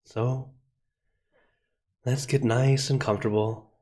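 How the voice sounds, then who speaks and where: A man hosting a live guided meditation over a video call, greeting viewers by name with soft laughs, then slowing into gentle breathing cues. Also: medium pitch, fairly even intonation. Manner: friendly, laughs softly between greetings. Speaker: meditation host. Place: outdoor meditation garden.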